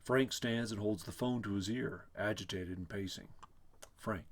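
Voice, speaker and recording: A man giving a dramatic reading of a play, voicing the stage directions in a measured way. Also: lowish voice, fairly even intonation. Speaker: reader.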